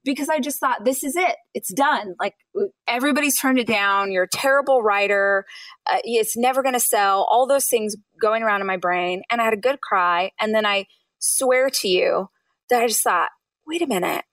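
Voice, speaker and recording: A woman in her thirties, an author guest on an interview podcast, telling her story with lively acted-out quotes. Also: moderate pace, no room sound, far from the mic. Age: 30s. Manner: animated, acts out quotes with high bursts.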